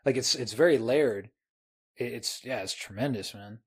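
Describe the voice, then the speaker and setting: A man with a husky, slightly rough voice talks eagerly about a favourite novel on a podcast. He restarts his words a lot and tosses in casual asides. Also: medium pitch, moderate pace. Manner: enthusiastic, repeats words, says "man". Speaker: podcast co-host. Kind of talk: casual book discussion.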